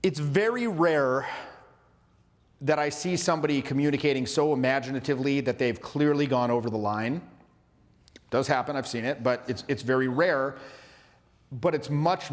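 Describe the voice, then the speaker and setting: A man's voice: mid-range voice, long reverb tail. A man who coaches social skills, telling stories casually and acting out other people's voices. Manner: animated storyteller, acts out voices, laughs often. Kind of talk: casual talk to camera.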